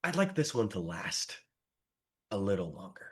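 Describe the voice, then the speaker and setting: A man's voice: low-pitched, sing-song, moderate pace, breathy edge, heavily acted. A man playing a silky sinister vampire. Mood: cool. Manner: silky, mocking, menacing. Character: suave sinister male vampire doctor.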